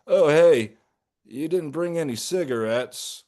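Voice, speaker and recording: A man's voice: on the high side, expressive, takes it slowly, darkish tone, voice pushed up. A man reading the lines of a casual, sly ghostly figure in a bear suit from his own story. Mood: offhand. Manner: casual, slyly offhand.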